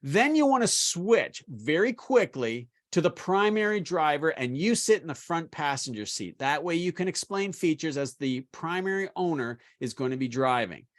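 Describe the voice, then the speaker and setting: A man's voice: a little high, expressive, normal speed, few pauses. Emphatic man coaching salespeople. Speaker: sales trainer. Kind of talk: instructional talk to car salespeople.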